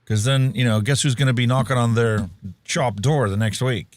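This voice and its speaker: A man's voice: mid-range voice, normal speed, dry recording. Man rambling casually on a podcast. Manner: jokey, rambling, many fillers. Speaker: podcast co-host. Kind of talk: casual talk show chat.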